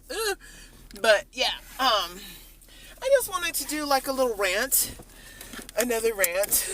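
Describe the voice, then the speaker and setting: A woman's voice: on the high side, very animated, slow, long pauses, sharp tone, a little hiss or hum. A young woman vlogging a casual rant from her car, chatty and rambling with frequent ums and laughs, talking to a phone camera. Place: in a parked car. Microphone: phone camera held or set down.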